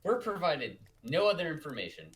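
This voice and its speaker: A man's voice: fairly high pitch, very animated, a little fast, fairly bright tone, a little hiss or hum. A young man co-hosting a casual comedic book review, laid-back and sardonic, swearing casually. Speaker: podcast co-host.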